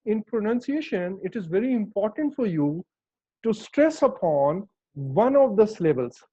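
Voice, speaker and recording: High-voiced man teaching pronunciation, lo-fi. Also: sing-song, dark tone, breathy edge, dry recording. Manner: patient, repeats words slowly, checks understanding. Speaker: English teacher. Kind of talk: online pronunciation lesson. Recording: dull lo-fi dry sound.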